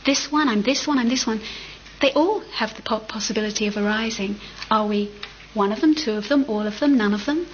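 A middle-aged woman giving a dharma talk as a meditation teacher, gentle and reflective with unhurried pauses. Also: on the high side, a little hiss or hum. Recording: slightly muffled with faint ambience.

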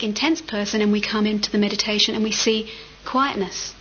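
A middle-aged woman giving a dharma talk as a meditation teacher, gentle and reflective with unhurried pauses. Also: fairly high pitch, fairly even intonation, a little hiss or hum. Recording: slightly muffled with faint ambience.

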